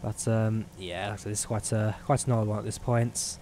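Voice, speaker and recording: A man's voice: on the low side, fairly even intonation, fairly quick, warm tone, slight background noise. A young man with a mix of Midlands and Eastern European accents, chatting casually and rambling as he streams a train simulator. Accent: Midlands English mixed with Eastern European. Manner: chatty, rambling, self-deprecating. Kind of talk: casual gameplay commentary.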